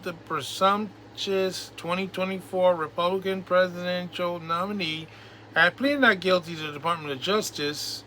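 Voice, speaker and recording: A man with a fairly high, sharp and bright voice reads a news story out loud. He stumbles over names and keeps cutting in with sarcastic side comments. A faint hum of noise sits under the recording. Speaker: political commentary host. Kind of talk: reading a news article aloud with casual asides.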